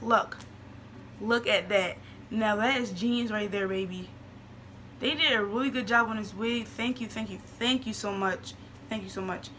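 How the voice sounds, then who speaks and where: Excited young woman vlogger, slightly high. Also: slight background noise. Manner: excited, chatty, addresses viewers as y'all. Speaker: beauty vlogger. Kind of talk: casual wig unboxing vlog.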